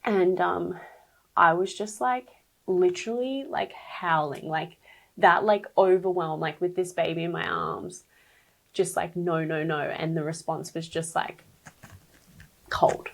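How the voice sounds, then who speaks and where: Young woman guest telling her story, gravelly husky voice, emotional and candid, lots of "like" and "um". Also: lowish voice, slow pace, poor audio. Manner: emotional, candid, many fillers, quoted speech. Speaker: podcast guest. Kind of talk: personal storytelling in an interview.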